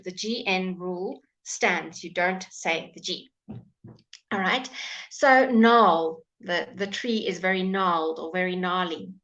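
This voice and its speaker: Woman, English teacher running a live online class. Patient, unhurried delivery, says words slowly for students to repeat, mid-pitched, dry humor. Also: a bit bright, rough recording. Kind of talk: live online pronunciation lesson. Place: home.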